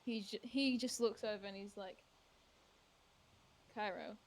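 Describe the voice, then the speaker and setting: A woman's voice: on the high side, fairly even intonation, normal speed, slight background noise. A woman playing a tabletop game who describes her character at length, searching for words. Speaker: player. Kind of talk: casual tabletop game narration.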